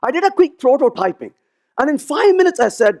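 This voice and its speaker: A man's voice: very high-pitched, fairly quick. A man giving a conference keynote, telling stories and acting out the dialogue in them. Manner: animated, acts out dialogue in his stories. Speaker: keynote speaker. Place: conference stage.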